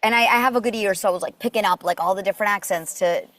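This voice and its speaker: A woman's voice: medium pitch, very fast, no room sound. A woman who grew up in Puerto Rico, a voice actor chatting as a podcast guest and telling stories with lots of fillers. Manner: chatty, animated storytelling with many fillers. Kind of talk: casual interview chat.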